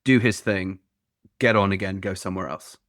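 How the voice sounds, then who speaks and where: A man's voice: deep voice, fairly even intonation, normal speed, fairly bright tone, dry recording, clean studio sound. A man hosting a podcast, who asks questions in an engaged way and adds his own points. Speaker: podcast host. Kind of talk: casual interview chat.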